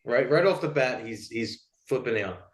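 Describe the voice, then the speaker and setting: A man's voice: mid-range voice, expressive, normal speed, echoey room. A man co-hosting a podcast who tells stories in a rambling way, with lots of fillers and swearing. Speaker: podcast co-host. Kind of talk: casual chat, storytelling.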